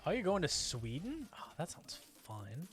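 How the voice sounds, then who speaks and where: A man's voice: a little high, wildly swooping pitch, a little slow, faint music behind. A man casually chatting while streaming a game, rambling and breaking into yelps and exclamations as things happen in play. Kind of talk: casual gameplay chat.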